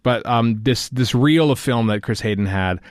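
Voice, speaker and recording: A man's voice: mid-range voice, moderate pace, dry recording, clean studio sound. A man co-hosting a fan podcast, chatting casually and rambling with lots of fillers and restarts. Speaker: podcast co-host. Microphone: studio podcast mic.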